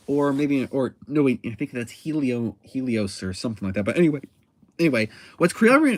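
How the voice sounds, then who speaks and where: A man talks through a comic in a loose, rambling way, stopping to correct and restart his sentences. His voice sits a little higher than most men's. The sound is dry and close. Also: fairly bright tone, no room sound. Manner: rambling, self-correcting, chatty. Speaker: comic book reviewer. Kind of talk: casual comic recap.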